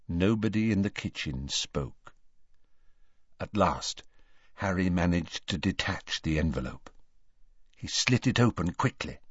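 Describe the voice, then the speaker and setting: A man narrates a storybook in a low voice. He reads slowly and expressively, with lots of melody. The recording is dry and a touch dull. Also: dry recording. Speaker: audiobook narrator. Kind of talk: scripted narration.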